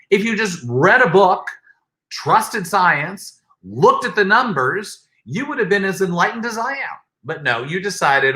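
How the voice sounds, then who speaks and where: A man co-hosting a podcast, chatting casually with animated, sarcastic asides and frequent laughs. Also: sits high, a little slow. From United States. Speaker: podcast co-host. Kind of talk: casual chat.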